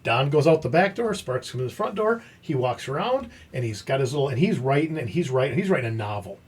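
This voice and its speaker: A man's voice: mid-range voice, fast talker, husky. A man hosting a podcast, telling a story in casual chat and acting out the quoted dialogue. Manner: animated, acts out quoted dialogue. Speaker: podcast host.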